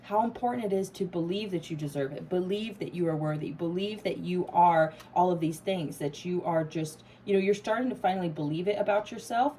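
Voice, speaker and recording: A woman's voice: lowish voice, fairly quick, few pauses, dark tone, slight background noise, low-quality recording. A woman doing a casual tarot reading to camera, emphatic and swearing freely. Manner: emphatic, swears freely, laughs and gets emotional. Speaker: tarot reader.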